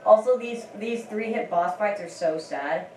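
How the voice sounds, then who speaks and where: A woman with a medium-pitched, darkish voice speaks unhurriedly as she comments on her gameplay in a casual let's-play. She's giggly and rambling, often restarting sentences. The recording is roomy, with her set back from a distant mic and a faint hiss underneath.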